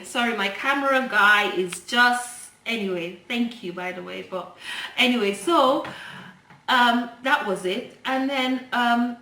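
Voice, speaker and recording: A woman's voice: on the high side, sharp tone. A young adult woman telling a personal story on her vlog, chatty and digressive with many fillers and restarts. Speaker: vlogger. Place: indoor room, filmed by a helper. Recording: roomy and distant from the mic, faint background noise.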